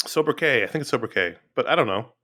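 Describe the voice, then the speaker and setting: A man's voice: mid-range voice, animated, very fast, sharp tone, dry recording, clean studio sound. A man co-hosting a podcast in a casual, chatty way, running through announcements and listener emails. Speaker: podcast co-host.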